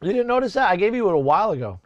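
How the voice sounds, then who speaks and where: A man's voice: high-pitched, sing-song, very fast, muffled recording. A young man casually chatting on a live music-production stream, rambling, swearing and laughing at his own jokes. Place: home studio.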